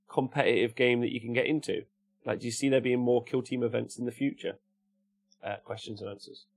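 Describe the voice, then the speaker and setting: A gravelly, mid-range male voice belongs to a man from Cannock, England, with a Midlands accent. He's hosting a casual livestream, reading viewers' chat messages aloud and replying with jokes.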